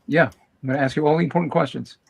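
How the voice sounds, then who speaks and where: Husky-voiced man teasing a friend. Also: on the high side, fairly even intonation, racing, a little mellow, no room sound, poor audio. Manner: teasing, dry humor. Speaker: fellow artist guest. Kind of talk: casual chat.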